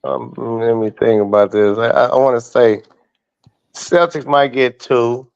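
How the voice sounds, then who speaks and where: A man's voice: medium pitch, steady tone, a little slow, creaky, darkish tone, clean tone. A man in a casual sports chat, thinking aloud and hesitant in his picks. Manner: thoughtful, hesitant. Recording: dull lo-fi audio.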